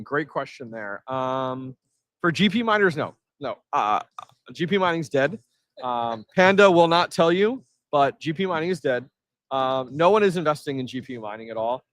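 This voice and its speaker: Chatty man live-streaming from an event floor. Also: on the high side. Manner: energetic, reads chat aloud, quick asides. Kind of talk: casual live stream chat.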